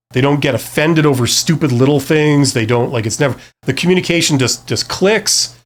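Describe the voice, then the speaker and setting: A man gives relaxed career advice straight to camera, speaking in a slightly high voice. He rambles, pokes fun at himself and keeps restarting his sentences with plenty of fillers. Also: normal speed, hardly any pauses. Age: adult past his early twenties. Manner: rambling, self-deprecating, many fillers and restarts. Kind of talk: casual advice talk to camera.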